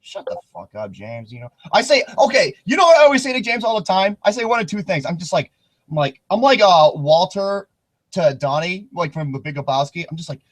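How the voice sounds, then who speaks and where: High, lively, excitable man. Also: brisk. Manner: excitable, rambling, swears freely. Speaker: podcast host. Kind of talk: casual podcast chat.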